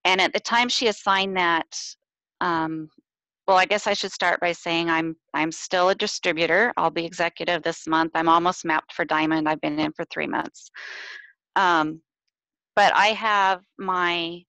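A woman's voice: on the low side, fairly even intonation, unhurried, pushed and bright, dry recording, low-quality recording. A woman sharing reflections on a video call, nervous and hesitant, with many ums. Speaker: team member sharing reflections. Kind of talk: casual live video chat.

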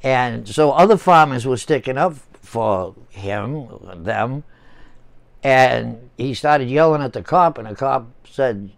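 A man's voice: medium pitch, animated, measured pace, creaky, no echo. Man in his sixties, swearing, sarcastic rant, dry close sound. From United States. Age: 60s. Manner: profane, swears often; heated, sarcastic, repeats words. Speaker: channel host. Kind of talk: casual rant to camera.

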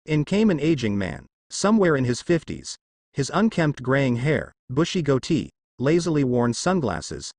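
Male storyteller for fan fiction reading, animated pitch, dry close sound. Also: normal speed, dry recording. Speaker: narrator.

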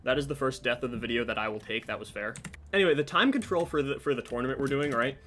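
A man recounts a story in casual commentary over his own game, cutting in with animated asides about the match. He's a fast talker with a mid-range voice, against a noisy background.

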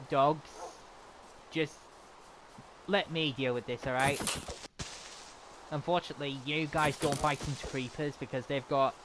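A man giving excitable, chatty commentary while playing a game. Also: a little high, measured pace, pauses often, noisy background. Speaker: gamer. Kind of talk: casual gameplay commentary.

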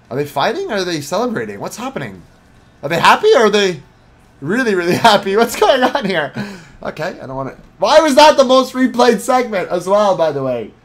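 A young man streaming games, commenting live in a jokey, excitable way and often shouting at the screen. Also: high voice, noisy background.

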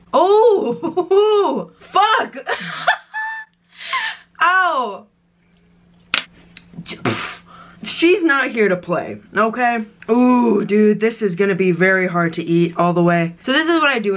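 A young woman in a casual eating vlog, talking in a dorm room, swearing and gasping at the heat of the food. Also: mid-range voice. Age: young adult. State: in pain from spice, coughing. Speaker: vlogger. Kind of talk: casual mukbang chat.

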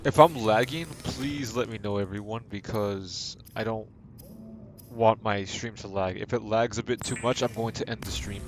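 A man's voice: lowish voice, normal speed. Playful young man streaming a game. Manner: rambling, playful, self-deprecating, chats to viewers. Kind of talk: casual live-stream chat while gaming. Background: game music.

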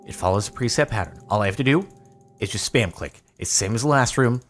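Excitable young man narrating gameplay. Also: lowish voice, fast talker. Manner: excitable, talks to himself and the game, voice jumps up when frustrated. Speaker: gaming YouTuber. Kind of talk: live Minecraft gameplay commentary.

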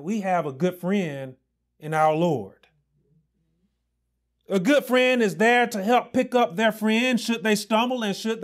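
Slow, high-pitched preaching man. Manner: impassioned preaching, often shouting, dropping to low asides. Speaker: pastor. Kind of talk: sermon.

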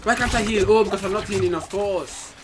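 A man hosting a gaming channel, giving excitable live gameplay commentary with frequent exclamations and repeated phrases. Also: high-pitched, fairly quick, background noise. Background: game music.

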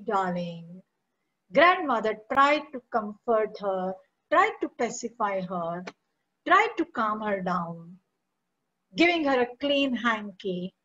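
A woman teacher with an Indian English accent goes through a story line by line for her students, slipping into Hindi to explain. Her voice sits a little high and comes through muffled, like lo-fi online class audio. She is patient and stops often to check that they follow. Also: a bit bright.

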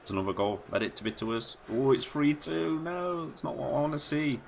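A man chats his way through a hockey video game, his voice swinging lively between low mutters and excited shouts. He cheers players on and grumbles at bad plays like a fan on the sofa. A faint hiss of noise sits under his voice. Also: brisk, gravelly. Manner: excitable, shouts encouragement at the screen. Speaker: gaming YouTuber. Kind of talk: casual gameplay commentary.

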